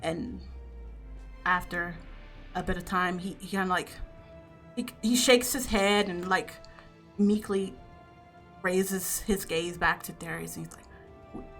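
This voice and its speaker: A woman's voice: lowish voice, a little slow, pauses often, fairly bright tone, faint music behind. A young woman game master narrating a tabletop game in a casual, filler-heavy way.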